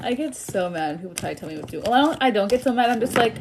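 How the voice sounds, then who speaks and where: A woman's voice: fairly high pitch, lively intonation, rapid-fire, few pauses, background noise. Chatty young woman giving a tarot reading. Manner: chatty and sassy, laughing often. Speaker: tarot reader. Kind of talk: live-stream tarot reading. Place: home, live stream.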